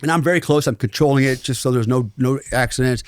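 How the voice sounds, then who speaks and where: A middle-aged man from the United States, a podcast guest telling a story in a loose, animated, profane way and acting out the people he quotes. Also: medium pitch, fast talker, smooth. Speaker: podcast guest, former special forces operator. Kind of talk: casual storytelling interview.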